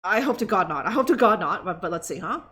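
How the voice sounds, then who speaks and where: A woman's voice: mid-range voice, lively intonation, quick pace, a bit bright. Sarcastic, laughing woman streamer. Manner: laughing often, sarcastic, swearing, tag questions like "huh?". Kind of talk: live gameplay commentary.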